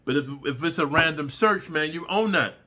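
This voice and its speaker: A middle-aged man tells a prison story in a bright, forceful voice that sits a little high. He talks in animated, profane street slang. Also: normal speed. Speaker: channel host telling prison stories. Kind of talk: storytelling monologue.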